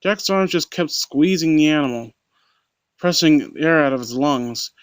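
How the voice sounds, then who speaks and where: A man's voice: a little high, animated, measured pace, clear, resonant tone, no room sound. A man reading a horror story aloud at a close home mic, stumbling and restarting, with sarcastic critical asides. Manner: stumbling, frequent restarts and mockery. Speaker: narrator and critic.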